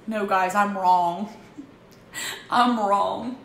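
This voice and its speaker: A woman in her thirties candidly confessing her struggles in a halting, emotional vlog, with frequent restarts. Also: medium pitch, fairly even intonation. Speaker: vlogger. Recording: echoey room with faint background noise.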